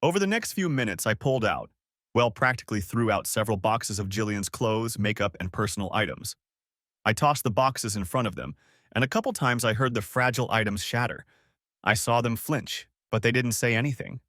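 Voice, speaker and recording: A man reading a first-person story as scripted narration, in a dramatic, expressive way. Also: on the low side, a little fast, no room sound, clean studio sound.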